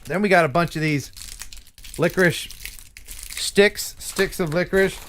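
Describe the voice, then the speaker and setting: A man's voice: sits high, measured pace, fairly bright tone, slight background noise. A man hosting a live stream in a casual, jokey way, reading viewer mail aloud and laughing at himself. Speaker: host.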